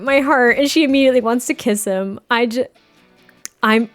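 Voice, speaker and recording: A woman's voice: on the high side, normal speed, dry recording, faint music behind. A young woman giving casual, chatty gameplay commentary, giggling often and restarting her sentences. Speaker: gaming creator.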